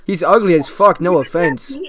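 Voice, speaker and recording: A young man hosting crude video chats with strangers, loud, teasing and swearing, now and then breaking into shouts. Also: high voice, animated, moderate pace. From Zimbabwe. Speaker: video chat prankster host. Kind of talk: crude joking chat with strangers.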